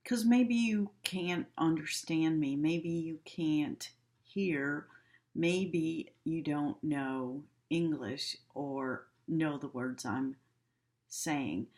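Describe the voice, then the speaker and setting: Woman teacher recording a class at home, slow-paced, demonstrative. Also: sits low, a little mellow. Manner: slow, demonstrative, acts out tones and gestures.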